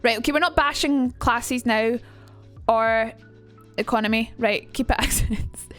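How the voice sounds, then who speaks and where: A woman's voice: a little high, a little slow, a bit bright, faint music behind. Chatty young woman streamer. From United Kingdom. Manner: chatty, rambling, lots of fillers. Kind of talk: casual chat on a live stream.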